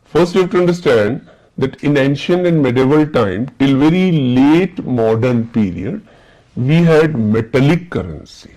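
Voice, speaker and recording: A man with an Indian accent teaches a classroom lecture, regularly asking the students whether they're following. His mid-range voice is expressive, warm and unhurried, though the recording quality is low.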